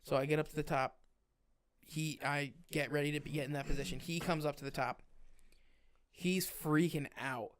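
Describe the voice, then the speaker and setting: A young man with a slightly high voice recounts a story in easy podcast chat. He is animated and acts out each character's lines, swearing without a second thought. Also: moderate pace. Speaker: podcast co-host, firefighter.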